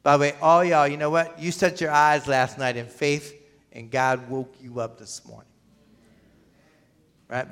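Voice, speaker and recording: A man's voice: fairly high pitch, level tone, unhurried, pauses often, fairly bright tone, smooth. A man preaching a sermon as pastor. He asks the congregation questions, waits for their answers, and often repeats his words or restarts a phrase. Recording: long reverb of a large hall.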